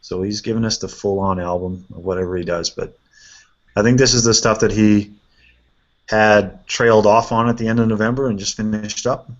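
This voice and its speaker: A man hosting a casual chat, reviewing painted miniatures in a relaxed way and thinking aloud with fillers. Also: on the low side, moderate pace. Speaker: host. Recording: dull lo-fi sound.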